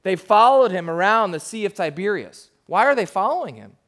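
A man with a high, light voice preaches a sermon. His delivery is emphatic but conversational, the way a pastor talks straight to his congregation. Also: animated, fairly quick, fairly bright tone.

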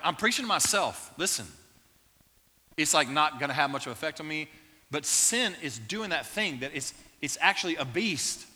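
A man delivers a sermon from the pulpit, talking directly and conversationally to his listeners. His voice is very bright and forward. It carries a long reverb tail from a large hall. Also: a little high, moderate pace. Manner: animated, playful asides early, turning quiet and earnest. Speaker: pastor.

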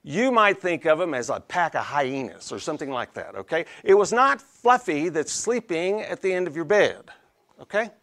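A man's voice: on the high side, very animated, normal speed, a bit bright. A man preaching an expository sermon in a folksy, conversational way, often checking in with his listeners. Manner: folksy, conversational, frequent "okay?" check-ins.

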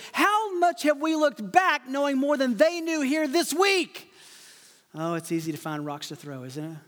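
Male pastor, high-pitched, dynamic sermon delivery, church hall reverb. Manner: dynamic, swings from loud rhetorical questions to hushed asides. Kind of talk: expository sermon.

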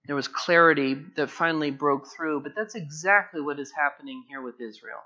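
A man's voice: fairly high pitch, brisk, sharp tone. A man preaching a sermon as pastor, repeating phrases and building to urgent pleading. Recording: dull lo-fi church recording.

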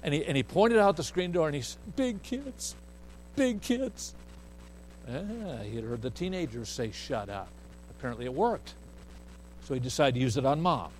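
A man preaches a storytelling sermon, recounting a family story in a folksy manner and acting out the voices of the people he quotes. His mid-range voice is animated and fast, and the recording is rough with slight background noise.

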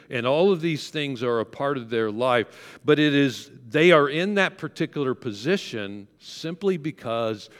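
A man's voice: medium pitch, a bit bright. A pastor preaching a conversational sermon, coaxing his congregation to repeat words after him. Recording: long hall reverb.

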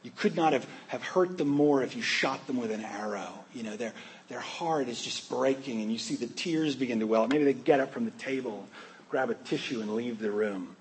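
A man's voice: medium pitch, moderate pace, slight background noise, low-quality recording. A man preaching a sermon in a conversational, joking way, often asking his listeners questions. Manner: conversational, humorous, asks the congregation questions. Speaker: pastor.

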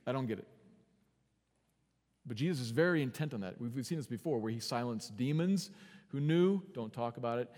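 Man, pastor preaching a sermon, earnest with wide swings in volume, mid pitch, long reverb of a big hall. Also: expressive, brisk, long pauses, a little mellow.

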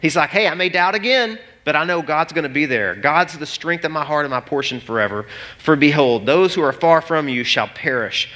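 Man, thirties, pastor, sermon, animated storytelling, bright forceful voice, fairly high pitch. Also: a little fast.

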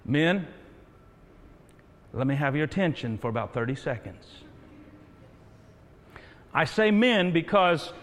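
High-voiced man preaching in a hall. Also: very animated, slow, long pauses. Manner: preaching to a congregation, rising to loud exhortation. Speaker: pastor. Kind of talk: sermon. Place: large church sanctuary. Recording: reverberant church hall.

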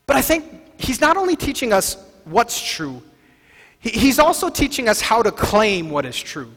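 A man preaching a sermon, moving between quiet, low passages and loud, declaring ones. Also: sing-song, normal speed, big-room sound. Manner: swings from soft and low to loud, shouting declarations. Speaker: pastor.

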